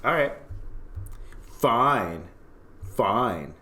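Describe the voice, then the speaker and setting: A man's voice: medium pitch, big pitch swings, drawn-out words, pushed and bright, slight background noise. A man from Canada hosting a podcast in casual chat, joking, slangy and self-mocking. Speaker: podcast host.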